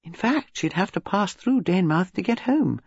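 A woman voicing a gentle, shrewd elderly spinster who talks softly and mildly in a musing way. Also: lowish voice, animated, normal speed, husky, no room sound, pitched above the performer's own voice. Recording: slightly dull lo-fi audio.

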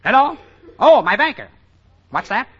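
A man's voice: extremely high pitch, sing-song, normal speed, fairly bright tone, husky, exaggerated voice. A man playing a brash, self-important movie mogul who barks orders with comic bluster, in 1930s film comedy style. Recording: dull, hissy old film soundtrack.

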